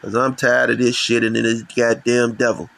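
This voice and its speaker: A man's voice: medium pitch, completely flat delivery, moderate pace, vocal fry, fairly bright tone, poor audio. A middle-aged man from Chicago giving a heated, profane religious rant, often stumbling and restarting his sentences. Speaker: channel host. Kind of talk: ranting religious commentary.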